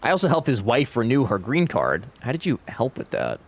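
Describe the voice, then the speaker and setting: A man's voice: mid-range voice, wildly swooping pitch, a little fast, vocal fry. Playful man teasing his chat. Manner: playful, teasing, jokey banter. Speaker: streamer. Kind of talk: casual live-stream chat with viewers.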